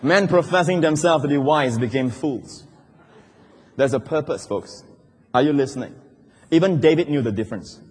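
A man preaching a sermon as pastor, swinging from loud cries down to low, quiet asides. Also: moderate pace, pauses often, slightly rough. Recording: long hall reverb.

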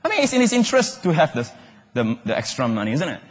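A man with a Singaporean English accent preaching a sermon, animated and joking, often acting out other people's voices. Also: on the high side, fast talker. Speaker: pastor. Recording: echoey hall with long reverb.

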